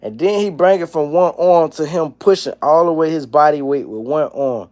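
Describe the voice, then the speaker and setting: Rambling, profane man in his forties. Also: moderate pace. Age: 40s. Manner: rambling, profane, swings from low mumbles to loud animated rants. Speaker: livestream host. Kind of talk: casual livestream chat, reading chat comments.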